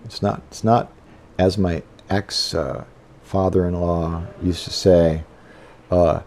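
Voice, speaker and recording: A man's voice: deep voice, steady tone, slow, vocal fry, a little mellow. A middle-aged man hosting a podcast solo, rambling conversationally and acting out his own inner thoughts. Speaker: podcast host. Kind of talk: casual solo podcast talk.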